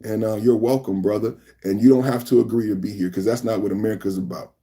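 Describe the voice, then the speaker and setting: A man's voice: fairly low pitch, steady tone, quick pace, warm tone. A man in his fifties hosting a live podcast, talking casually and emphatically to his chat and calling them brother. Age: 50s. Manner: emphatic, calls listeners brother and bro. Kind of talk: casual live-stream talk.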